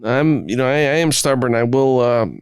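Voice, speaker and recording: A man, a guest, telling stories in relaxed conversation, often restarting his phrases. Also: mid-range voice, normal speed, clear, resonant tone, no room sound. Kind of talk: conversational storytelling.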